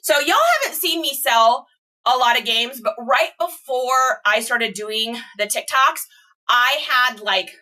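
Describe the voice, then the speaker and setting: A woman reseller chatting casually to viewers, gushing and excitable as she unboxes items. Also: on the high side, measured pace, far from the mic. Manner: gushing, excitable, squeals and laughs. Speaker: reseller vlogger.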